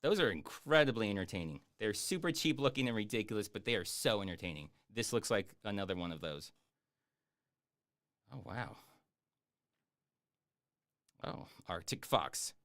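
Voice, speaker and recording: A man chatting casually on a live stream, answering viewer questions in a rambling, jokey way with lots of fillers and deadpan boasts. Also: lowish voice, moderate pace, long pauses. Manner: hesitant with many fillers. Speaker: YouTube streamer answering chat.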